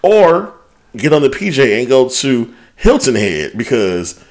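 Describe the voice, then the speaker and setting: A man's voice: medium pitch, a little slow. A man co-hosting a podcast, recapping reality TV in casual chat, swearing freely and laughing often. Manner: profane, animated, laughs often. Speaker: podcast co-host.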